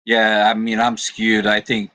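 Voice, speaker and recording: A man's voice: fairly low pitch, monotone, measured pace, bright, forceful tone, no room sound. A man on a casual live chat who talks in an easygoing, chuckling way.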